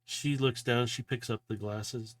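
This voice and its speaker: A man's voice: medium pitch, steady tone, a little slow, a bit bright. A man narrating a tabletop role-playing game as game master, in a loose, casual way full of filler words.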